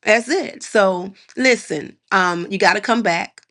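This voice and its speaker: Baltimore-accented woman hosting radio, lively, bright and punchy delivery. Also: medium pitch. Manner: animated, quick, laughing often. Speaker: radio show host. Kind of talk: casual radio interview.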